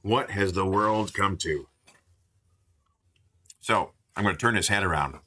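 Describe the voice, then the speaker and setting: Speaking a little slowly in a low voice that sounds pushed and bright, a man runs a live card-opening stream indoors at a store. He keeps up casual banter and jokes with viewers as he announces each card's name.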